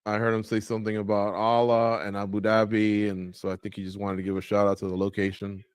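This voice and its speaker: A man's voice: on the low side, quick pace, smooth, dry recording. Guy co-hosting a live fight watch-along, casual chatty, acts out quotes, dry close mic. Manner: animated storyteller, acts out quotes. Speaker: co-host.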